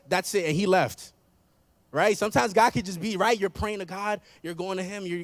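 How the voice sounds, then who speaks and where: Gravelly high-voiced preaching man. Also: lively intonation, brisk, no room sound. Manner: emphatic preaching, rising in intensity with repeated phrases. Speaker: pastor. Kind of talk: sermon. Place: church.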